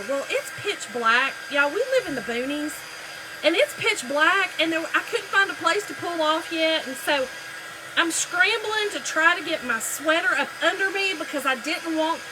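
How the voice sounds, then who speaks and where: A woman's voice: high-pitched, noisy background. A woman, telling a funny story in a casual vlog chat, laughing often and saying "y'all" a lot. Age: 40s. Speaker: vlogger.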